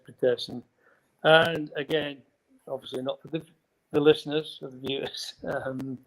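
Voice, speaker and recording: A former footballer from Scotland, now an older man, wanders through anecdotes as a guest and lets out the odd chuckle. His voice is mid-range, the tone is casual storytelling, and the audio is rough.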